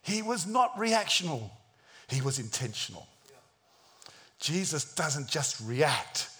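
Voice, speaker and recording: Animated preacher with a high voice. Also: male voice, takes it slowly. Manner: dramatic, acts out the scenes, plays other voices. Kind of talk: animated storytelling sermon.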